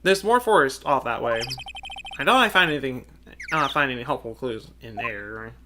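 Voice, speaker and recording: A woman's voice: rumbling low, expressive, normal speed, noisy background. A woman streamer chatting casually and playfully while playing a game, trailing off as she thinks. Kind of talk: casual game let's-play commentary. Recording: game music playing behind.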